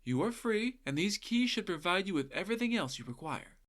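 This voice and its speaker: Jack, a well-mannered young trickster, as a storytelling man voices him, speaks in a lighter, softer voice than the narration. He sounds courtly and sure of himself, with a sly edge. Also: high-pitched, big pitch swings, fairly quick, pitched above the performer's own voice. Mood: gallant. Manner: courtly and gallant, then sly. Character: young boy hero, polite, clever trickster.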